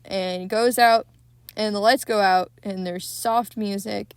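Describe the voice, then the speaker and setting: A young woman hosting a podcast, casually recapping a film in a candid, excitable way, with frequent swearing. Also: medium pitch, measured pace, smooth, dry recording. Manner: profane, candid and excitable retelling. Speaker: podcast host.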